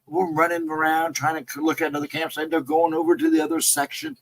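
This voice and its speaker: A man's voice: a little high, fast talker, a little hiss or hum, poor audio. A man casually telling a ghost story from a camping trip, rambling loosely and repeating himself as he goes. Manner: rambling, loose, repeats "I mean" and "you know". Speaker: guest storyteller on a live stream.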